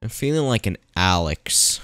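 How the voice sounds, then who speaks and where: A man's voice: on the low side, sing-song, moderate pace, fairly bright tone, no echo, studio quality, soft background music. A man giving casual let's-play commentary, thinking aloud and teasing the game's characters as he plays. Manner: thinking aloud while playing. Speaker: gameplayer narrating his playthrough.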